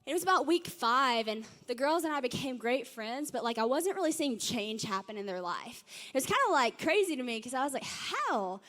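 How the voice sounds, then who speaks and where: A woman's voice: sits high, lively intonation, normal speed, few pauses, a bit bright. A young woman giving a casual, story-driven talk to a youth audience, peppered with "like" and "y'all". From Nashville, Tennessee. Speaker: youth speaker. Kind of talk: sermon-style talk.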